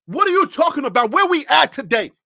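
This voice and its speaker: Sports-stream host, bright edgy tone, very dry close sound, animated rant, repeated rhetorical questions, desk USB mic. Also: high voice, fast talker, gravelly, no room sound. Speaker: sports talk show host. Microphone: USB desk microphone.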